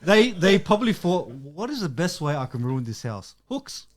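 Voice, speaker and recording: A man's voice: on the high side, moderate pace. A young man, co-hosting a casual chat and telling stories, acting out what people said. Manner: animated storyteller acting out quotes. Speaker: podcast co-host.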